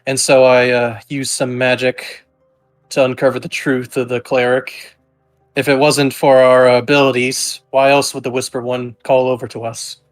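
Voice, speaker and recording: A confident adventurer, played by a man in a tabletop game, scheming and smooth-talking. The sound is dry and close. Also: mid-range voice, level tone, normal speed, no room sound, faint music behind, close to an everyday voice.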